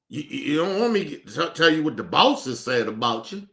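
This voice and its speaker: A man's voice: fairly high pitch, sing-song, moderate pace, creaky, bright, forceful tone. A man streaming his reaction to a clip, ranting in incredulous, profane commentary.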